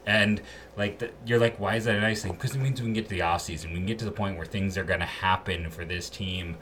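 A man's voice: low voice, fairly even intonation, fast talker, fairly bright tone, slight background noise. A man hosting a sports podcast, talking casually in a rambling, candid way with lots of fillers and restarts. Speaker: podcast host.

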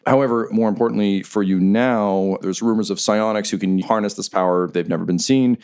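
A man runs a tabletop game, laying out scenes and lore in a relaxed, chatty way. His voice sits very low. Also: a little fast, clean tone. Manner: casual, describing scenes at length. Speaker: game master.

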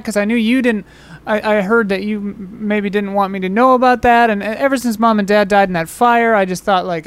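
A woman's voice: mid-range voice, smooth, lightly acted. A woman voicing a bullied, anxious teenage boy who stammers and rambles in an improvised tabletop role-play. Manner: rambling, stammering, nervous over-explaining. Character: bullied, anxious teenage boy, scaredy-cat younger brother.

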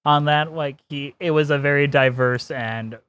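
Speaking at a moderate pace with fairly even intonation, this co-host's fairly bright, higher-pitched voice carries a casual podcast chat full of strong opinions and frequent laughter.

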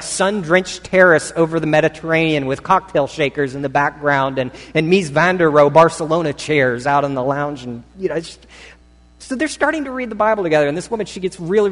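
A man's voice: a little high, lively intonation, brisk. Man preaching in a reverberant hall. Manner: storytelling, conversational, with fillers. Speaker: pastor. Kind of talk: sermon.

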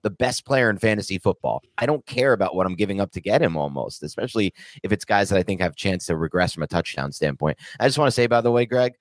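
A man co-hosting a casual podcast, arguing emphatically with rapid-fire rhetorical questions. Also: sits low, animated, dry recording, studio quality. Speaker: podcast co-host.

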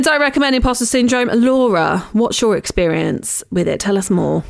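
A woman's voice: fairly high pitch, steady tone, normal speed, gravelly. A woman co-hosting a podcast, talking candidly and with animation, often laughing and repeating herself. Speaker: podcast co-host. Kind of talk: casual chat.

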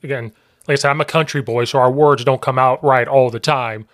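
A man's voice: medium pitch, steady tone, no echo. Chatty Midwestern man, dry close sound. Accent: Central Illinois. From Central Illinois. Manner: chatty storyteller, quick restarts, laughs easily. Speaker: podcast host and football coach. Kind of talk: casual podcast chat.

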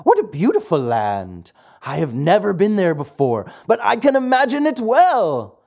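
A storybook narrator voicing an eager, dreamy wooden marionette boy whose talk keeps rising into excited high cries. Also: moderate pace, vocal fry, exaggerated voice. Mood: longing.

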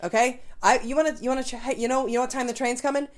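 A woman's voice: high-pitched, steady tone, very fast. A woman co-hosting a podcast in casual chat, ranting heatedly and trailing off mid-sentence. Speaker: podcast co-host.

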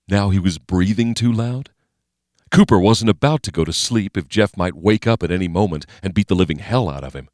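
A male narrator with a very deep voice, reading in a steady, measured way. He sits close to the mic in a dry, dead room. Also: no room sound. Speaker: audiobook narrator. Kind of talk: scripted narration.

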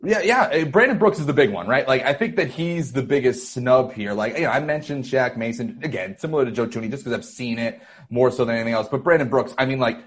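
Fast-talking chatty male football writer. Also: medium pitch. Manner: fast, filler-heavy, chatty. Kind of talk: casual chat.

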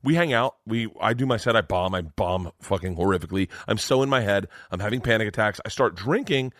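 A male stand-up comedian telling a story as a podcast guest, animated and profane. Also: lowish voice, fairly quick, dry recording, studio quality. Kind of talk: comic storytelling.

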